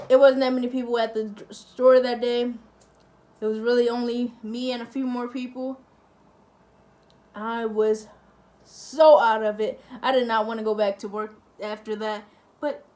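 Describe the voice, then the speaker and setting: High-voiced young woman telling a story. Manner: lively, chatty storytelling, acting out the other people. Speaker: family-channel vlogger. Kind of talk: casual storytime to camera.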